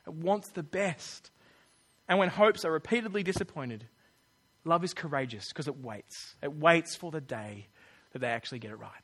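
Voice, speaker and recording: A man's voice: fairly high pitch, moderate pace, a bit bright. A man preaching a sermon in an earnest, conversational way. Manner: earnest, conversational, acts out quoted voices.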